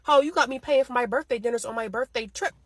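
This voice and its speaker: A woman's voice: fairly high pitch, quick pace, no room sound. A woman telling a story in a casual, heated rant, blunt and full of swearing, speaking close to a phone mic. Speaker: storytime vlogger.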